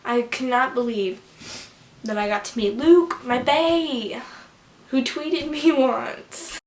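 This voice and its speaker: Excitable girl vlogger rambling on, kinda roomy echo. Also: sits high, takes it slowly. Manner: gushing and excitable, rambling with many fillers. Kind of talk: casual storytime vlog. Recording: roomy with faint background noise.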